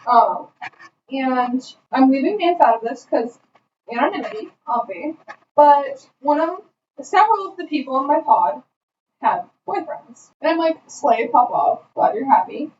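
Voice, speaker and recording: A woman's voice: high voice, animated, a little slow. A young woman co-hosting a podcast, telling a frank and joking story from college. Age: young adult. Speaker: podcast co-host. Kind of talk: casual storytelling chat. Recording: roomy, distant, dull sound with faint noise.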